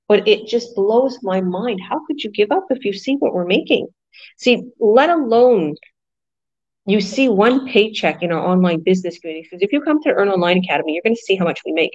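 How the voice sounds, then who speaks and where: A woman's voice: medium pitch, a little mellow, no room sound, highs cut off. A woman business coach talking energetically in a casual group chat, rambling with fillers and restarts. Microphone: video call.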